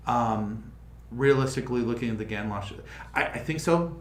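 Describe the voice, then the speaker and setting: Hosting a casual livestream, a man thinks aloud about how a project is going, restarting his sentences often. His medium-pitched voice moves at a moderate pace and sounds reverberant.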